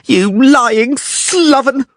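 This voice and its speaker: A man voicing a jilted blonde woman who screams abuse from a balcony, very high and shrill for his voice. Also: very animated, normal speed, a bit bright, dry recording, studio quality, exaggerated voice. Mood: screaming.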